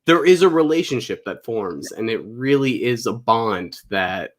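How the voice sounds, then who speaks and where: Canadian guy on a video call, lively swinging voice, playful and expressive. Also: medium pitch, measured pace. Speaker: guest actor. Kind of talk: casual chat.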